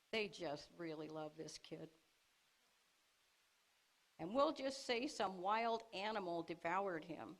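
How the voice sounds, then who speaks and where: A woman preaching to a congregation, retelling a scripture story in a lively way, acting out the characters' lines and laughing along. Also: mid-range voice, takes it slowly, pauses often, low-quality recording. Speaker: speaker at a congregation service. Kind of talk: teaching sermon.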